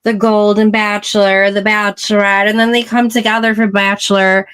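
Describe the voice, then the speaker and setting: A woman hosting a casual chat show, explaining things in a measured way. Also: mid-range voice, little pitch movement, a bit bright, smooth. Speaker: podcast host.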